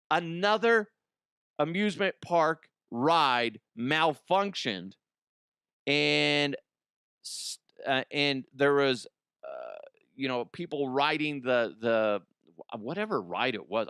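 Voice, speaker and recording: A man's voice: medium pitch, very animated, slow pace, a bit bright, clean tone, no echo. Middle-aged guy rambling on his podcast, stuffy nose, swears a lot, dry close sound. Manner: rambling, profane, laughs at own jokes. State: congested with allergies. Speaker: podcast host. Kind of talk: casual comedic monologue.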